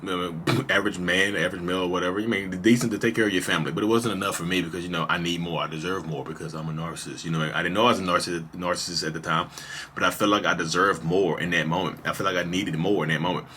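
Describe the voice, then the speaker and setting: Thirties guy telling his story casual and open, lower voice with a bright edge, says "you know" a lot. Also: fairly even intonation, quick pace, slight background noise. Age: 30s. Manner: casual and confessional, many "you know" fillers. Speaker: podcast host. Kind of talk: candid personal storytelling.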